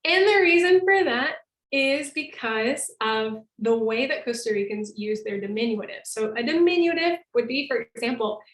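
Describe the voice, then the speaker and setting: A woman's voice: fairly high pitch, lively intonation, moderate pace, fairly bright tone, roomy sound, poor audio. A woman giving a casual online presentation from where she lives, explaining with examples and laughing often. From North America. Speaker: presenter living in Costa Rica.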